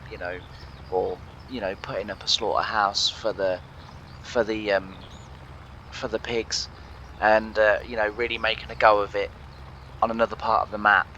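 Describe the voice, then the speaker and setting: English guy w a sore throat rambling thru his farm game, croaky but bright, uhs everywhere. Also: lowish voice, dull audio, slight background noise. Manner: rambling, many fillers and restarts. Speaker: gaming channel host. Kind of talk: casual let's play commentary.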